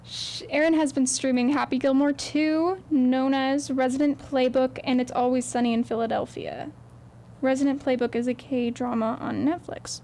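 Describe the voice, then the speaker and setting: A woman's voice: high-pitched, steady tone, moderate pace, mellow, a little hiss or hum. A woman co-hosting a college radio talk show, easygoing and agreeable in casual chat. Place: small college radio studio.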